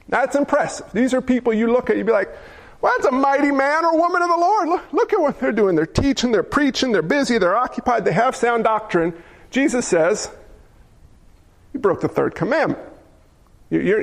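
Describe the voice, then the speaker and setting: A man preaching with an unusually high voice. He drives his points home emphatically, asks the congregation rhetorical questions and briefly acts out the voices of the people he quotes. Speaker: pastor. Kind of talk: sermon.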